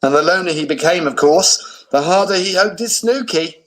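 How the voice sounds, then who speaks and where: A male teacher reading a children's picture book aloud, with expressive storytelling. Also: high-pitched, normal speed, hardly any pauses, rough recording.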